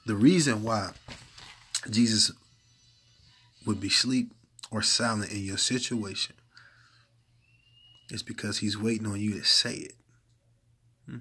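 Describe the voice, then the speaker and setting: A man's voice: on the low side, fairly bright tone, husky. A man preaching informally to camera in an earnest, exhorting way, repeating his points for emphasis. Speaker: lay preacher.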